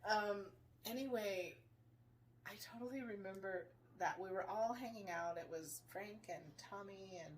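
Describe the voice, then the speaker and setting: A middle-aged woman co-hosting a casual chat over drinks, telling stories in an animated way and acting out what people said. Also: mid-range voice, measured pace, slight background noise. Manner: animated storyteller, acts out quotes. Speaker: podcast co-host.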